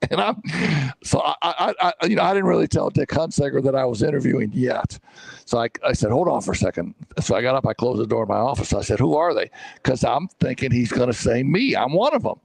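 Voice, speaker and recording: Gravelly storytelling older man. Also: mid-range voice, a little fast, no echo. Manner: animated storyteller, many restarts. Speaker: basketball coach, co-host.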